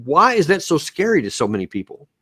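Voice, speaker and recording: A man hosts a political interview show in an earnest, questioning way. He sometimes stumbles over repeated words as he starts a thought. His voice is mid-pitched and recorded dry and close. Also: very animated, fast talker, pushed and bright, slightly rough, no room sound. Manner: earnest, questioning, some stammered restarts. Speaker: podcast host. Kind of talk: conversational interview hosting.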